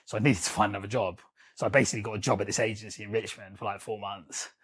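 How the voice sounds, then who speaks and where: A man's voice: on the low side, rapid-fire, breathy edge. A man, co-hosting a podcast and telling office stories in casual chat, laughing and swearing freely. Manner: animated storyteller, laughs often, swears casually. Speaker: podcast co-host.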